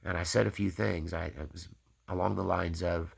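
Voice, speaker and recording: A man's voice: sits low, fairly even intonation, normal speed, creaky, breathy edge. A man hosting his own channel, giving a rambling personal faith testimony full of tag questions. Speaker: channel host.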